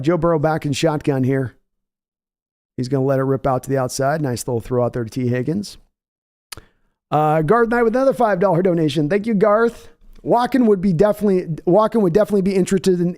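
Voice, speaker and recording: Brief: rambling male stream host, warm-toned, casual play-by-play. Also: fairly high pitch. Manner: rambling, filler-heavy. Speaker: podcast host. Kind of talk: casual live chat with play-by-play.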